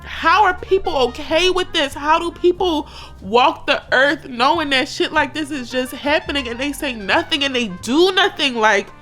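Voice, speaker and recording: A woman's voice: sits high, normal speed, a bit bright, faint music behind. Candid, emotional woman in her thirties. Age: 30s. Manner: emotional, blunt, heavy swearing. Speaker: vlogger. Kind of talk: candid personal vlog talk.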